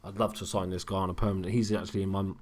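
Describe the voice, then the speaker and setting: Young male gamer, very low voice, kept quiet and casual late at night. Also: level tone, very fast. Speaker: gaming commentator. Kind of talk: casual let's-play commentary.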